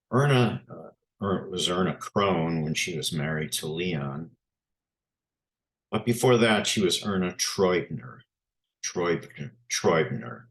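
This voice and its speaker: A man giving an unhurried presentation with pictures, often pausing on filler sounds. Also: rumbling low, fairly bright tone.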